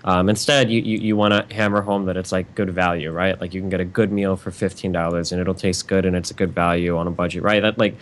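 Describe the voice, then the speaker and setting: A man's voice: sits low, flat delivery, quick pace, hardly any pauses. A man who streams, a podcast guest explaining his view methodically in casual chat.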